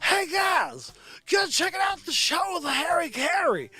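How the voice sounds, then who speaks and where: A man's voice: very high voice, big pitch swings, sharp tone, raised voice, pitched above the performer's own voice, full character voice. A man impersonating a boisterous, tipsy older male baseball announcer, hollering and drawing out his words. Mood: rowdy. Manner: hollering, drawn-out.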